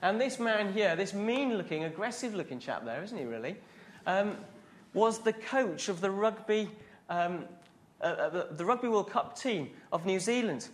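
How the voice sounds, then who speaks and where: A man's voice: sits high, animated, normal speed. A man preaching a sermon to a congregation in a questioning, conversational way.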